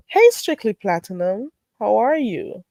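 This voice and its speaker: Animated woman livestreaming, getting sick. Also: mid-range voice, a little slow, gravelly, no echo. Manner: animated, swings into patois, swears freely, laughs often. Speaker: livestream host. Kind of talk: casual livestream chat.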